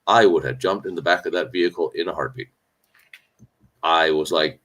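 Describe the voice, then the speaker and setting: Indoors while on the road, a man with a low, sharp-toned voice runs a live Q&A stream about battlefield history at normal speed. He speaks frankly and wanders, tossing in sarcastic remarks and often restarting.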